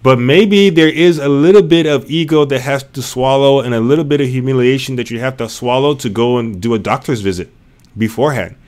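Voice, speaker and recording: A man's voice: mid-range voice, a little mellow. Thoughtful man on a video call. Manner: thoughtful, measured, slows down on key points, many "like" fillers. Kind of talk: reflective conversation.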